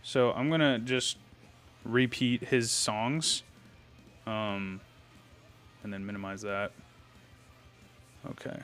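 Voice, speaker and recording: Young guy rambling on a live stream, talks to chat, thinks out loud, bit of metal music playing low behind him. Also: takes it slowly, pauses often. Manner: chatty and rambling, greets viewers, thinks aloud. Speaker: livestreamer. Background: faint metal music.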